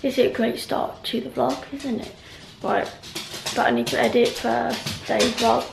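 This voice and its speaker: A woman's voice: a little high, flat delivery, moderate pace, creaky, background noise. A woman chatting at home in a casual, rambling vlog, full of ums and restarts. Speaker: vlogger.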